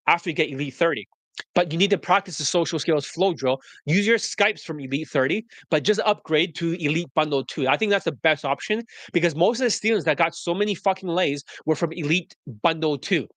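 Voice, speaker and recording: Dating coach, male, foul-mouthed and combative, pitched a bit high, recorded dry and close. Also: a bit bright, no echo. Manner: profane, combative, salesy. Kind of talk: ranting monologue.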